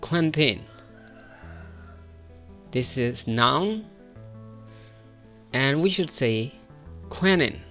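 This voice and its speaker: A man's voice: medium pitch, lively intonation, a bit bright, faint music behind. Pakistani man drilling English pronunciation. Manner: drawn-out model words for repetition. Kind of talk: pronunciation lesson with repeat-after drills.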